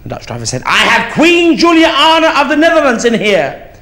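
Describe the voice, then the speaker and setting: Man doing a bawdy old charwoman, high-pitched, rambling, swearing, live on a theatre stage. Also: normal speed. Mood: gossipy. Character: bawdy old East End charwoman, brash and gossipy. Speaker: comedian in drag character. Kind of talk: live stand-up character comedy.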